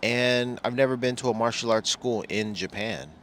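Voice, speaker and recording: A man's voice: medium pitch, steady tone, moderate pace, fairly bright tone, a little hiss or hum. A middle-aged man from Los Angeles rambling casually as a travel vlogger, often restarting and correcting himself. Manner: rambling, self-correcting, chatty.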